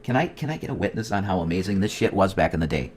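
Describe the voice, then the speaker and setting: Excitable, foul-mouthed man rambling. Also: deep voice, racing, slight background noise. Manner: profane, excitable, nostalgic rambling; swings between loud outbursts and muttered asides. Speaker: streamer. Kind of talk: rambling casual livestream chat.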